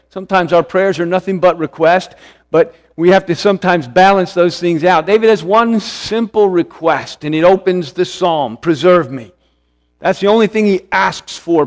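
High-voiced earnest male preacher. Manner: earnest, slows for emphasis, repeats phrases. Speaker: pastor. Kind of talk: sermon.

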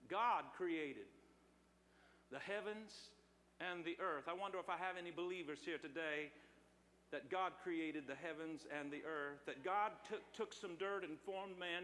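A man's voice: high-pitched, fairly bright tone, big-room sound, slight background noise. A middle-aged male pastor preaching a sermon in church, talking with his congregation and drawing answers from them. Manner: preaching with call-and-response to congregation. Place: church sanctuary.

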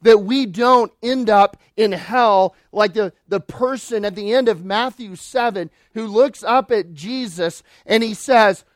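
A man preaching a sermon as pastor, emphatic, swinging between loud declarations and quiet, low lines. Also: measured pace, hardly any pauses, no room sound, studio quality.

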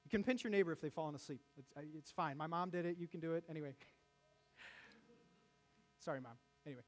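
A man preaching a sermon as pastor, animated, with jokes and asides to the congregation in a church. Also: a little high, a little fast.

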